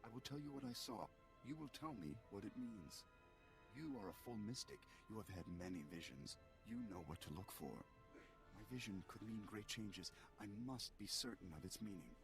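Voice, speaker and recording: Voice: mid-range voice, expressive, moderate pace, gravelly. An actor voicing a troubled young alien mystic apprentice in a game, speaking in an earnest, pleading way. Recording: game music behind.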